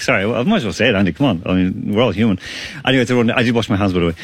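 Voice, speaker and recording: A man's voice: on the low side, expressive, dry recording. A man from Ireland, co-hosting a sports radio show in a rambling, laughing, casual way. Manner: rambling, laughs often, talks fast. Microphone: studio microphone.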